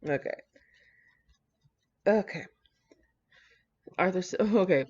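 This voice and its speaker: Young woman vlogging, reads fanfic and swears a lot, giggly, lowish voice, muffled lo-fi audio. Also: slow, a little mellow. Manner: giggly, profane, gushing asides. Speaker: vlogger reading fan fiction aloud. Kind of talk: casual reading and reacting.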